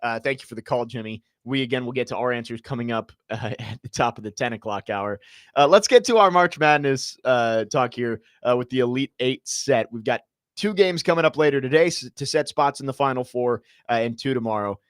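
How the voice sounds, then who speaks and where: Brisk male sports radio host. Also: medium pitch, clean tone, no room sound, clean studio sound. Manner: brisk, upbeat, with frequent fillers. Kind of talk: radio hosting and live read.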